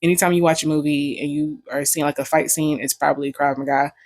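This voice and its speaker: A woman's voice: low-pitched, steady tone, fast talker, no echo. A young woman vlogging, telling stories in a candid, joking way full of profanity. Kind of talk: casual storytelling.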